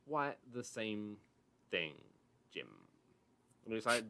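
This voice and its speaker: A man's voice: on the low side, expressive, slow, sharp tone, slight background noise. A man co-hosting a podcast over a video call, chatting casually about football and mocking the pundits he retells. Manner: rambling, mocking storyteller. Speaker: podcast co-host.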